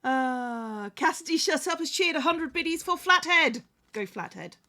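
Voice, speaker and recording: This livestream host has a high-pitched, sharp, expressive voice and takes her time. Sewing crafts, she chats casually with viewers, thanks them, and often restarts what she's saying.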